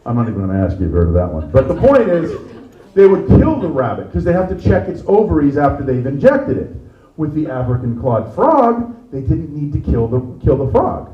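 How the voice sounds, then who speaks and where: A middle-aged man performing a stand-up comedy set, animated and teasing the crowd, on a stage microphone. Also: fairly high pitch, a little fast, muffled recording. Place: comedy venue with live audience. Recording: echoey room, mic far off.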